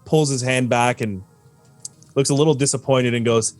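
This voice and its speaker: Halting game master with a middle-pitched voice, loose and chatty. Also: male voice, fairly even intonation, soft background music. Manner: loose, halting narration with many fillers. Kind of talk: narrating a tabletop game.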